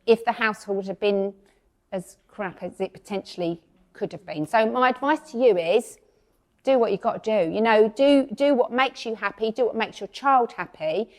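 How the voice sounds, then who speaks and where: A woman's voice: medium pitch, moderate pace. A woman in her fifties from England giving a chatty, self-deprecating speech to an audience, laughing often as she talks. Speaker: event speaker.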